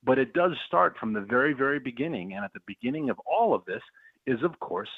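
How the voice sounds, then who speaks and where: A man's voice: mid-range voice, lively intonation, brisk, breathy edge, no room sound. Blunt man on a tinny phone line. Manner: blunt, scornful, folksy. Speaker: guest, farmer and policy director. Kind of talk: phone interview.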